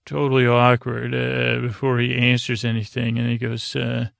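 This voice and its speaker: A man hosting a podcast, retelling an episode in a rambling, halting way, full of "uh" and "he goes". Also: mid-range voice, completely flat delivery, vocal fry, a bit bright, dry recording. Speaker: podcast host. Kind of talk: rambling episode recap for sleep.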